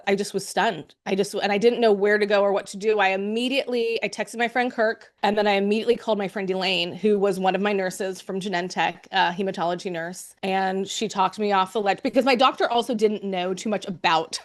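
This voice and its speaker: A woman's voice: mid-range voice, fairly even intonation, brisk, hardly any pauses. A young adult woman candidly telling her personal story of illness, chatty and emotional, often quoting what others said to her. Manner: chatty, emotional, quotes others in reported speech. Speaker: cancer patient sharing her story.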